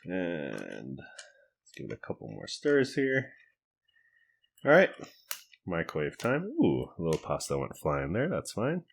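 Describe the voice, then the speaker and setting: A man's voice: sits low, a little slow, creaky, long pauses. A man casually reviewing snack food to camera, chatting and thinking aloud as he cooks and tastes. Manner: relaxed, chatty, thinks aloud while cooking and tasting.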